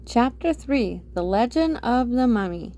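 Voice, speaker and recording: A woman's voice: on the high side, expressive, a little slow, warm tone. A woman reading a children's chapter book aloud as storyteller, inviting the young listeners to join in. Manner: inviting, addresses listeners directly.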